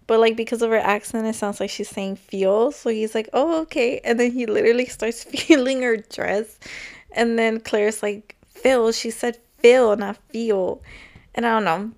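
Young woman rambling on her podcast, says like a lot, smooth clear voice, mid pitch. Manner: chatty, rambling, lots of filler "like". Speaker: podcast host. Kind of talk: casual solo podcast chat.

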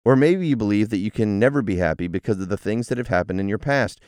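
A man hosting a solo motivational podcast, explaining ideas in an animated, coaching delivery. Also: on the low side, quick pace, dry recording, clean studio sound. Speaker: podcast host.

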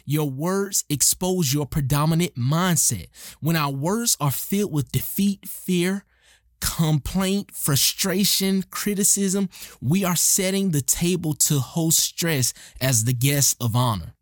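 A man's voice: a little high, animated, slow pace, dry recording, studio quality. A man hosting a motivational podcast, talking earnestly and emphatically and repeating his key lines for effect. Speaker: podcast host.

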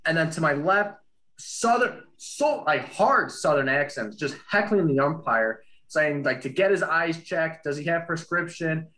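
Man from kansas, podcast co-host, casual rambling story, lots of "like", higher voice. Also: a bit bright, poor audio. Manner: rambling storytelling with many fillers. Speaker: podcast co-host, sports reporter. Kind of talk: casual chat.

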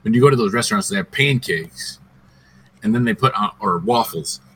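A man's voice: fairly low pitch, animated, a little fast, fairly bright tone, breathy edge. A man co-hosting a podcast, talking in rambling, self-interrupting casual chat and swearing freely. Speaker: podcast co-host.

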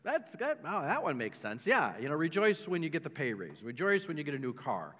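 A man's voice: on the high side, wildly swooping pitch, a little fast, a bit bright. A man preaching a sermon as a pastor, emphatic and repetitive, with joking asides to the congregation. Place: church sanctuary. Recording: long hall reverb.

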